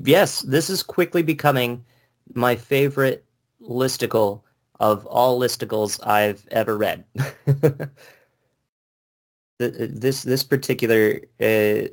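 A man co-hosting a podcast in casual chat, rambling enthusiastically and laughing often. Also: medium pitch. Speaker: podcast co-host.

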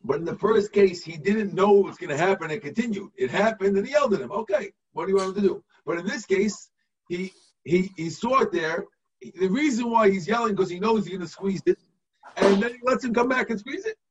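A rabbi teaches his class over a video call, walking through the text step by step and checking that everyone follows. His voice sits high and husky. The sound is distant and muffled. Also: fairly quick. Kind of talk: explaining a text to students.

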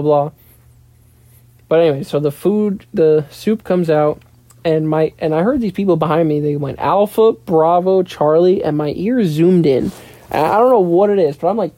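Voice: medium pitch, dark tone, no echo. A young adult podcast host telling a long casual story alone, rambling and profane, with lots of "blah, blah, blah". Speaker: podcast host and pilot in training. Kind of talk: casual solo storytelling monologue.

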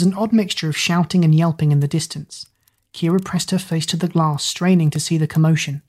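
Low husky woman reading a story. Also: fairly quick. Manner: steady dramatic narration. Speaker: narrator.

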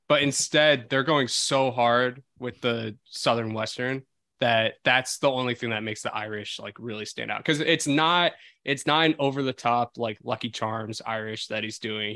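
A man co-hosting a casual film podcast, animated and rambling, laughing often. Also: medium pitch, dry recording. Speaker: podcast co-host.

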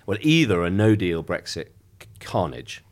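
Deep-voiced MP, emphatic. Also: male voice, sing-song. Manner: measured, emphatic, with many restarts. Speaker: member of Parliament. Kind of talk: political interview.

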